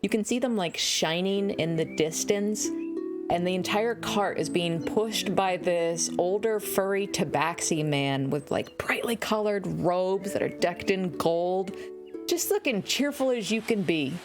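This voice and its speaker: A woman's voice: on the low side, animated, a little slow, over music. A woman game master narrating a tabletop game scene in an easygoing, descriptive way, with frequent fillers.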